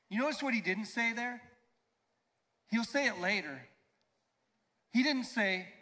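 A pastor preaching a sermon with emphasis. He slows down to stress key phrases and leads the congregation in call-and-response. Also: high voice, animated, bright, forceful tone. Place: church sanctuary. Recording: long reverb of a church hall.

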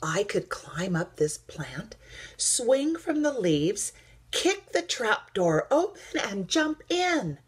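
A woman voicing a brave, eager little toy bear who talks excitedly. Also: mid-range voice, slow pace, breathy edge, pitched above the performer's own voice, full character voice. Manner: excited and bright.

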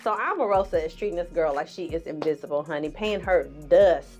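A woman giving a casual, sassy recap as a vlogger, talking in an expressive, chatty way. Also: sits low, fairly quick, soft background music. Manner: sassy, expressive, laughs often, acts out quotes in exaggerated voices. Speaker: vlogger recapping a reality show.

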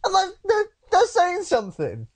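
A man's voice: very high-pitched, huge pitch swings, moderate pace. A man co-hosting a casual podcast chat, ranting in an exasperated tone. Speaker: podcast co-host.

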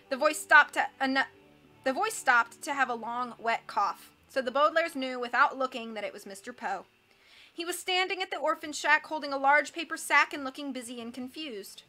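A woman with a high, bright voice reads a children's novel aloud, slipping into a different voice for each character. She reads with lively energy, and faint music plays behind her. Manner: lively, animated reading with quick character voices and occasional slips. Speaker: audiobook reader.

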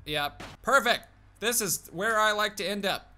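A young man giving jokey gameplay commentary as a YouTuber, talking to himself and his car with sudden excited outbursts. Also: high voice, unhurried, slight background noise. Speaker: gaming YouTuber.

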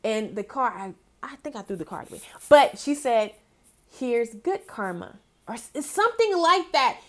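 A woman's voice: on the high side, big pitch swings, moderate pace. A young adult woman giving a casual, affectionate tarot reading, talking chattily with lots of fillers. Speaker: tarot reader. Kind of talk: casual spiritual card reading.

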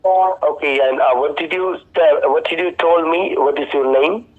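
A call center worker on the phone, hesitant and repeating himself. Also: male voice, fairly high pitch, moderate pace. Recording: dull phone line.

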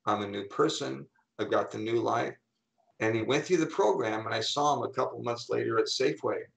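A middle-aged man with a gravelly, creaky edge to a mid-pitched voice tells stories as a guest. He talks in animated bursts, slipping into the voices of the people he quotes. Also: brisk, poor audio. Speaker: guest speaker and coach. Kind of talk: storytelling in an interview.

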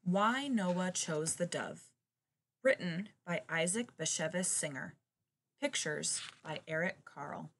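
A woman reading a children's picture book aloud in an expressive, lively way. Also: lowish voice, slow, slight background noise.

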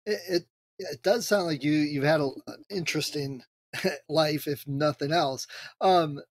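A woman's voice: low-pitched, a little slow, dry recording. A woman hosting a podcast interview, giving short supportive responses. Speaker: podcast host.

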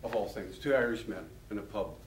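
A man's voice: fairly low pitch, fairly quick, slight background noise. A man giving a public lecture, telling stories in a discursive, anecdotal way and chuckling at his own tales. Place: lecture hall. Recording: roomy hall, mic far off.

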